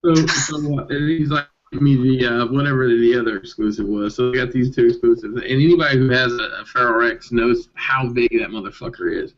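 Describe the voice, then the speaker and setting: A man's voice: mid-range voice, fast. A married man rambling through funny stories in a casual group chat over an online call. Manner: rambling storyteller. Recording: lo-fi call audio, faint hiss.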